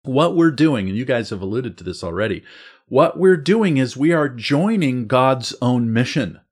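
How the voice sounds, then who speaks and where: Man calmly explaining the liturgy. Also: medium pitch, slightly rough. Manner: measured, explanatory, slows down to stress points. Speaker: host. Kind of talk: guided walk through the liturgy.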